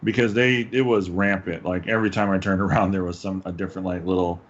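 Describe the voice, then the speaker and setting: A man in a casual film discussion, animated and laughing as he retells scenes. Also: low-pitched, fast talker, dull audio.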